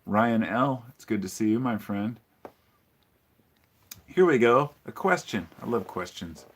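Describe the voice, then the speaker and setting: Low-voiced man hosting a casual live stream. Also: normal speed, slightly rough. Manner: rambling, greets viewers and reads chat aloud; opinionated, frequent ums and restarts. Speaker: live-stream podcast host.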